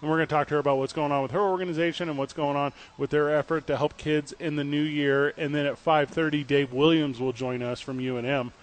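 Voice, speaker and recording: A man's voice: a little high, flat delivery, fast, few pauses. Man co-hosting sports radio from a pub. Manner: upbeat, joking, runs the show rundown. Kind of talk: casual sports radio banter. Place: broadcasting live from a pub.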